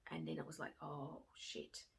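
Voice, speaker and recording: A middle-aged woman from Australia telling a personal story to camera, swinging from hushed to excited. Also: low-pitched, moderate pace, vocal fry, slightly rough. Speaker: fashion vlogger and former teacher.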